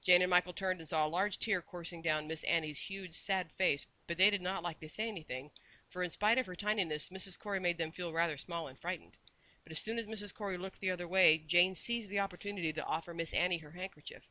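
A man narrating a children's storybook with measured, expressive storytelling. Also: high voice, poor audio. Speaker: audiobook narrator. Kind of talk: storybook reading.

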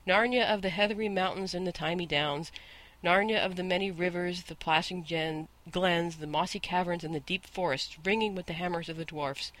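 A man's voice: high-pitched, fairly even intonation, normal speed, a bit bright. A man voicing a proud, bossy talking male war horse who speaks in a grand, lecturing, scornful way. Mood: longing.

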